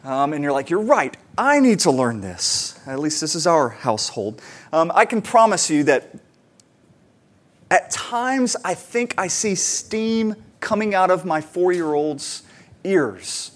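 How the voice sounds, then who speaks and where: A man in his thirties, a pastor and parent, preaching a conversational sermon with fillers and lively retellings. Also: a little high, measured pace.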